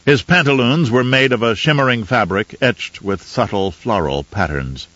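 A man narrates a novel in a steady, descriptive storytelling voice that sits on the low side. The recording is dull and muffled, with a dry, close sound and no room echo. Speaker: audiobook narrator. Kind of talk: scripted narration.

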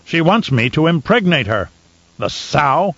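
Brief: man voicing a blustering, spiteful Baron, raised and loud, dull dry audiobook sound. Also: on the high side, sing-song, measured pace, dry recording, voice pushed up, full character voice. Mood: enraged. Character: raging, vain, cruel male Baron.

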